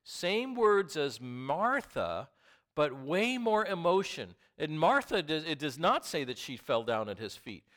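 A man preaching a sermon who reads scripture and questions his listeners, dropping to a whisper and then rising to loud outbursts. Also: a little high, very animated, measured pace. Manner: swings from hushed whispers to loud impassioned outbursts.

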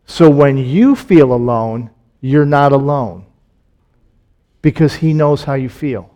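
A man preaching a sermon, reading scripture aloud and explaining it in a conversational way. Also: mid-range voice. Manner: reads scripture aloud, then explains it in plain, conversational asides; drops to a soft, slow hush on solemn points, rises when excited.

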